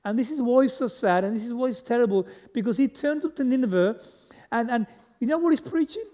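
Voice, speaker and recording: A guest preacher talks fast in a very high-pitched yet dark-toned voice, keeping his sermon conversational. He puts questions to the congregation and mocks himself with humour, his words echoing at length through a large hall.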